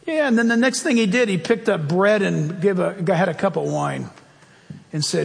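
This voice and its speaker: A man preaching a sermon as pastor, animated and storytelling, with sudden swings in his voice. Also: sits high, moderate pace, creaky, in a large hall.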